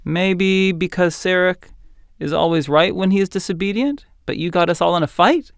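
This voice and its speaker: A man voicing a wry young archer who speaks slowly and evenly in a fantasy audiobook. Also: high voice, vocal fry, dry recording, studio quality, pitched above the performer's own voice. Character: young male archer friend, wry, measured.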